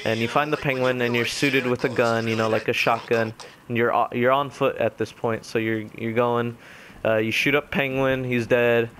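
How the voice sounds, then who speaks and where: A young man casually retelling a video game ending, rambling with many fillers and quickly mimicking the characters' lines. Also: mid-range voice, fairly even intonation, fairly bright tone, a little hiss or hum. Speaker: gaming commentator. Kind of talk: casual spoken game recap.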